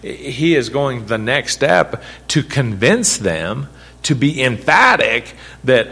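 A man's voice: mid-range voice, big pitch swings, takes it slowly, pushed and bright, breathy edge. A man leading a Bible study, talking conversationally, asking the group questions and repeating his points for emphasis. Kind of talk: interactive sermon teaching.

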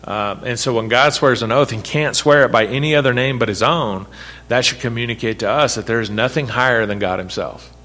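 A man's voice: medium pitch, brisk, sharp tone. A man leading a Bible study, talking conversationally, asking the group questions and repeating his points for emphasis. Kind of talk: interactive sermon teaching.

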